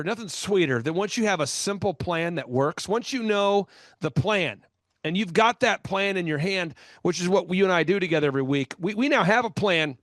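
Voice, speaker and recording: A man hosting a business talk show, telling stories in an energetic, emphatic way with quick bursts of speech. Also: sits high, no room sound, clean studio sound. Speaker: host.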